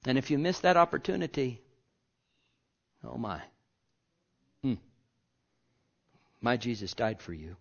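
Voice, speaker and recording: A man preaching a sermon as pastor, impassioned, moving from loud outbursts to hushed whispers. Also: mid-range voice, very animated, measured pace, vocal fry, long pauses, dull audio.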